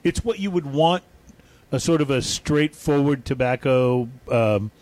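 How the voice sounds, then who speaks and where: A man hosting a casual chat, easygoing and quick to laugh, asking his guests questions. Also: medium pitch, a little mellow. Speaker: host.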